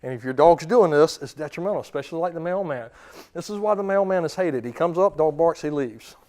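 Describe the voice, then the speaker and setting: A man's voice: on the high side, expressive, fairly quick, a little mellow. A man giving a seminar to dog owners as their trainer, talking conversationally, repeating words and checking in with his listeners. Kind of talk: seminar lecture to clients.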